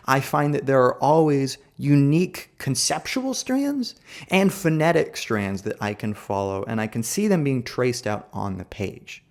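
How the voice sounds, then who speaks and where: An American man giving a literary lecture, explaining in a thoughtful, measured way. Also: medium pitch, gravelly.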